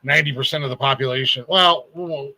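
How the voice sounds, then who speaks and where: Bright-voiced teasing man podcasting. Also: medium pitch, fast talker, vocal fry, no echo. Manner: teasing, laughs often. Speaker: podcast host. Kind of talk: casual banter.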